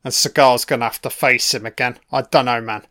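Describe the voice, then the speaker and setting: A man's voice: medium pitch, steady tone, a little fast, sharp tone. A man giving a casual, profanity-filled commentary on a film, reacting to scenes as they play. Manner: heavy swearing, chatty reactions.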